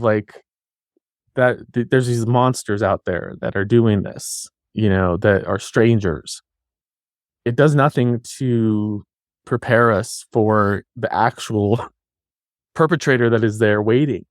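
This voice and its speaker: A man's voice: medium pitch, takes it slowly, no echo, clean studio sound. A man guest on a podcast, talking earnestly and with passion, repeating his phrases for emphasis. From New Mexico. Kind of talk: earnest interview talk.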